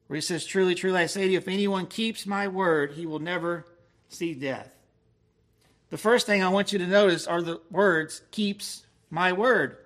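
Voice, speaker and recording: A man preaching an expository sermon, slowing down to stress key words. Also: on the high side, a bit bright. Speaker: pastor.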